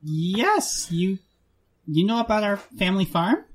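A woman playing a tabletop game in character, hesitant and halting with many fillers. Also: mid-range voice, very animated, husky. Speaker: player. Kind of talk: in-character tabletop role-play.

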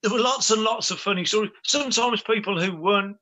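A man's voice: sits high, quick pace, bright, forceful tone. A man, a former footballer chatting as a guest, rambling with many restarts. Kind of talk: casual chat.

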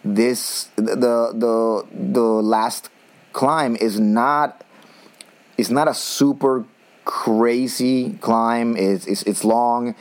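A man hosting a casual cycling talk, chatty and self-mocking, with many restarts and pauses. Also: medium pitch. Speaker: cycling podcast host. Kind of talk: casual chat.

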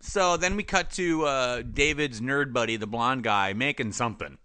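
A man's voice: medium pitch, moderate pace, bright, forceful tone, clean tone, no echo. A man casually recapping a TV episode for a podcast, acting out characters' lines and laughing often. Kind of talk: casual comedic recap chat.

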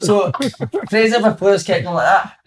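A man's voice: high-pitched, sing-song, a little slow, background noise. Sweary Scottish man telling banter stories. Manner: sweary, laughing, acts out quotes loudly. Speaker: podcast guest, former footballer. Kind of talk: casual chat with storytelling.

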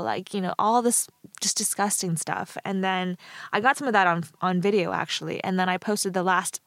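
A woman's voice: mid-range voice, fairly even intonation, normal speed, dry recording. A young woman answering interview questions, telling a story in a casual, filler-heavy way. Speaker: interview guest. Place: living in Stockholm.

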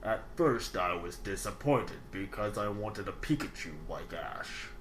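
A podcast co-host doing a Darth Vader impression while he reads a listener email aloud in a slow, heavy voice. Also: on the low side, lively intonation, voice pushed down. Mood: ominous. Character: Darth Vader impression, deep menacing male villain. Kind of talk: put-on voice reading a letter aloud. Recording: loud clicking noise over the voice.

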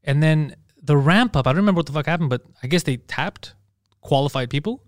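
A male podcast host telling stories in a casual chat, animated and full of swearing. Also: on the high side, fast, dry recording, studio quality. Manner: animated, swears a lot, acts out quotes.

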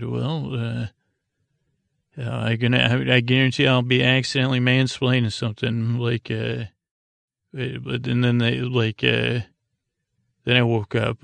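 A man talks in a slow, meandering way, filling pauses with ums and casual slang. His voice is heavily fried and gravelly, with a flat, even pitch. The recording is dry and close. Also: dry recording. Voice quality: gravelly vocal fry. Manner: meandering, many fillers, paraphrases scenes in casual slang. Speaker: podcast host. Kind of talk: rambling sleepy recap.

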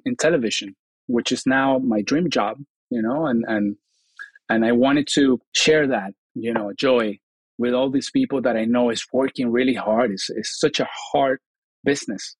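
A man's voice: mid-range voice, no room sound, rough recording. A middle-aged man from Venezuela with a Venezuelan Spanish accent, a chef and TV host chatting as a guest in an interview, earnest and full of "you know" restarts. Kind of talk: casual interview chat.

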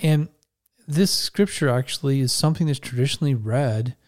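A man pastor giving a conversational sermon, halting and restarting as he talks, and reading scripture slowly and gently. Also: mid-range voice.

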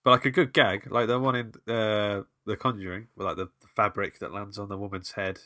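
A man's voice: fairly low pitch, flat delivery, fairly quick, sharp tone, no echo, studio quality. A man co-hosting a casual film podcast, talking in a laid-back, hesitant way with lots of fillers. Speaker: podcast co-host. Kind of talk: casual film review chat.

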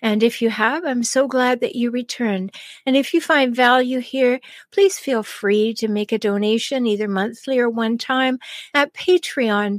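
A middle-aged woman hosting a solo advice podcast as a relationship coach, speaking deliberately and slowing down with pauses to stress key words. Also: fairly high pitch, no echo.

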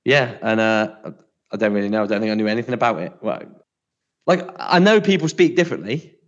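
A man's voice: on the low side, expressive, fairly quick, muffled recording. A man from the West of England near Bristol with a West Country accent, co-hosting a podcast in a casual, rambling, self-mocking way. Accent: West Country English. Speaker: podcast co-host.

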